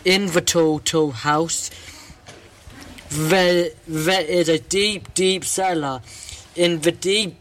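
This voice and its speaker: Male storyteller, high voice, slow expressive picture-book reading. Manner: expressive, repeats words for rhythm.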